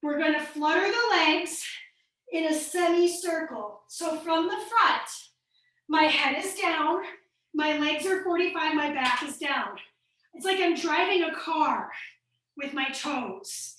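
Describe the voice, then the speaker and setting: A woman's voice: high-pitched, takes it slowly, fairly bright tone. A woman leading a live online fitness class, counting reps and coaching form in an upbeat way. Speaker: fitness instructor. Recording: echoey room, mic at a distance.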